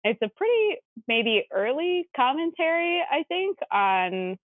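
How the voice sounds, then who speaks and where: A woman guest in a casual podcast chat, chatty and quick to laugh, saying "like" often. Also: high voice, sing-song, no echo. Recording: tinny phone-like line.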